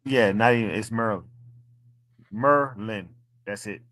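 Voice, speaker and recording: A man's voice: mid-range voice, normal speed, fairly bright tone, no room sound. A man teasing and joking with the host in casual podcast banter.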